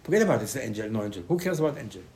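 A man's voice: mid-range voice, very animated, racing, a little mellow, slight background noise, natural voice. A man voicing an indignant female talking donkey who scolds her rider with insistent questions. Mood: scolding.

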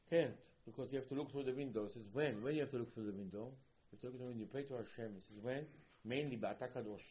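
A man teaching a Torah class as a sermon in halting, broken English, repeating himself and breaking into sudden loud emphatic bursts. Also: mid-range voice, poor audio. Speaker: religious teacher.

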